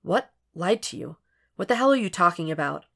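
Woman reader voicing a worn-out, drinking man, low and quiet, storybook reading. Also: animated, a little fast, vocal fry, exaggerated voice. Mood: startled. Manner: quiet and subdued. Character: tired, drinking, defensive man.

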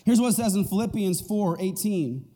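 Joking, animated pastor preaching in a hall. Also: male voice, high voice, normal speed. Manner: animated and joking, asks the crowd "right?". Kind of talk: sermon. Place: church auditorium.

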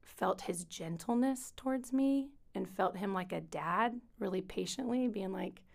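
A woman guest, a teen minister, telling a personal faith story on a podcast in a soft, reflective way with pauses. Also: medium pitch, creaky.

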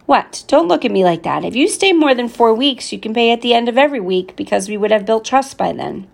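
A weary young Turkish hotel keeper, kindly and teasing in his easy way, as a woman reads him aloud. The voice carries a gravelly, creaky edge, and the delivery is relaxed and conversational, like a storybook read at home. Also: a little high, brisk.

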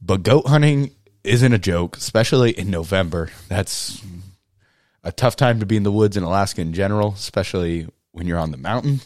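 A man's voice: low voice, brisk, a little mellow, no echo, studio quality. A man co-hosting a podcast in casual chat, blunt and joking, laughing often and trailing off with fillers. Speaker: podcast co-host.

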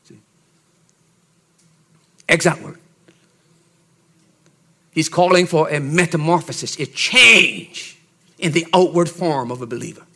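A pastor preaching an expository sermon in a teacherly way, checking in with his listeners and building up to loud, emphatic exhortation. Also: on the high side, animated, takes it slowly, gravelly, pauses often, a little hiss or hum. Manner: teacherly, checks in with "Okay?" and "See?".

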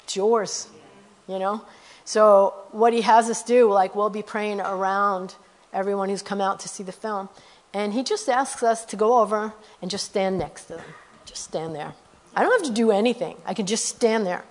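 A woman with a mid-range voice and steady tone preaches a conversational sermon about her missionary work. She speaks earnestly, often adds "you know" and "okay?", and reads scripture quickly.

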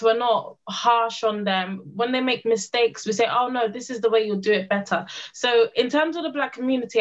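A woman speaking as a panel guest in a casual discussion, thoughtful and measured, building her point through an analogy. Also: medium pitch, muffled recording.

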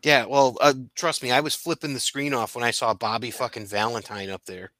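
Male podcast co-host, bright tense tone, dry close mic, loose profane rambling chat. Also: medium pitch, fairly even intonation, fairly quick, dry recording. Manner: laughing, profane, rambling with restarts. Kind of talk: casual chat.

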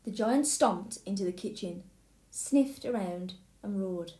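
A woman reading a fairy tale aloud in a clear, steady way. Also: medium pitch, measured pace. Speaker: storyteller. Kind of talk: storybook read-aloud. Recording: echoey room.

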